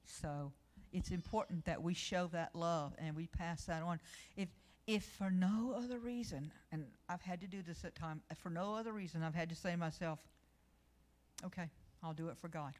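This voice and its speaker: A woman's voice: lowish voice, normal speed, hardly any pauses, darkish tone. Earnest woman giving a devotional. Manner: earnest and conversational, swelling when reading scripture. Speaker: church speaker. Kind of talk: devotional teaching with personal stories.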